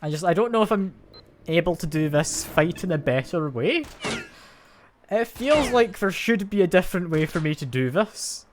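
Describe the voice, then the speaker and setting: A man's voice: high voice, very animated, moderate pace, a little hiss or hum. A man giving live commentary while playing a shooter game, thinking aloud and making wry, self-mocking jokes. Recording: loud game gunfire and ambience behind voice.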